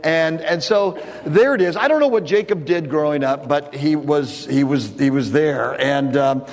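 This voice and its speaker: A man's voice: fairly high pitch, normal speed, big-room sound. A man preaching a sermon, telling a story in a loose, conversational way with frequent restarts. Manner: casual storytelling with repeated restarts. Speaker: pastor.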